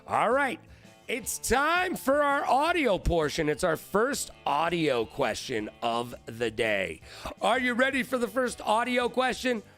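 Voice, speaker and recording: A man's voice: high-pitched, sing-song, slow, soft background music. Hyped-up man hosting a live trivia stream. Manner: hyped, playful, shouts out viewers by name. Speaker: trivia show host.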